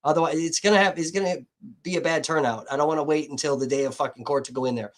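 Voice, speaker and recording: A man's voice: a little high, fairly even intonation, quick pace. A man livestreaming, rambling casually and profanely to his chat viewers, saying he feels hot and dehydrated.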